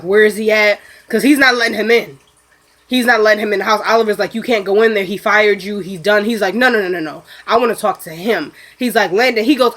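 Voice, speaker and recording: A sniffly woman in casual chat, recapping a TV episode and acting out the characters' lines in quick asides. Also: mid-range voice, fairly bright tone.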